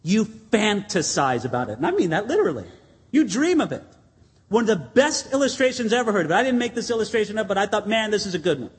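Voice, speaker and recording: A man preaching a sermon as pastor, animated and conversational, often asking the congregation questions. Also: sits high, breathy edge. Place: church sanctuary. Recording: long reverb of a church hall.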